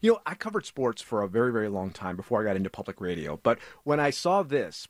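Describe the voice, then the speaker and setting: A man's voice: on the low side, sing-song, fast talker, few pauses, no room sound, clean studio sound. A man hosting a public radio interview, asking curious questions in a conversational way.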